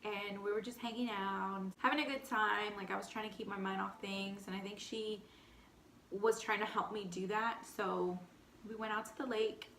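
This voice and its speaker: A young woman with a light Texan accent casually telling a personal story between bites, animated and candid, full of "like". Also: medium pitch, moderate pace, echoey room, slight background noise. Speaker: vlogger. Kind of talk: storytime eating show chat.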